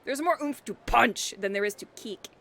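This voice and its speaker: A woman's voice: a little high, expressive, normal speed, fairly bright tone, a little hiss or hum. A woman streaming a video game, joking and teasing the characters on screen as she plays. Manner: jokey, teasing, talks back to game characters. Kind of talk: playful let's-play commentary. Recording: game music playing behind.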